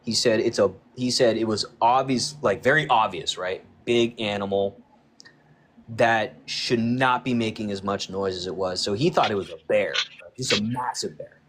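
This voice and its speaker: A man's voice: fairly low pitch, moderate pace, a bit bright, slight background noise. A man who is a podcast guest, casually retelling a friend's encounter in a loose, conversational way and acting out the dialogue. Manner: loose and conversational, with frequent "like" fillers. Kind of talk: casual storytelling.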